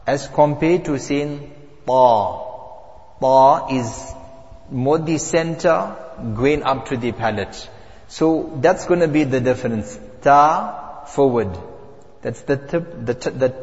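A man teaching how Arabic letters are pronounced in Quran recitation. He speaks slowly and deliberately and repeats sounds to contrast them. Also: medium pitch, a little mellow. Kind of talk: step-by-step pronunciation lesson. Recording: lo-fi audio with long hall reverb.

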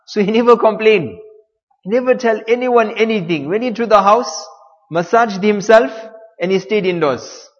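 A man's voice: sits high, normal speed, big-room sound, muffled recording. A man preaching, telling a story in a sermon, repeating phrases and using Arabic religious terms.

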